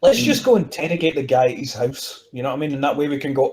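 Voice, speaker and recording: A man's voice: medium pitch, expressive, fast talker, few pauses, a little mellow, rough recording. A man playing a tabletop game, joking crudely and animatedly. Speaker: player. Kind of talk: casual tabletop play.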